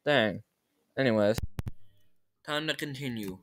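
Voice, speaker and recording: A man's voice: medium pitch, unhurried, heavy background noise. A man doing casual reaction commentary at home, nervous and stammering, repeating himself. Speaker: gaming YouTuber reacting to videos. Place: room at home. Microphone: laptop or earbuds mic. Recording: roomy, distant from the mic.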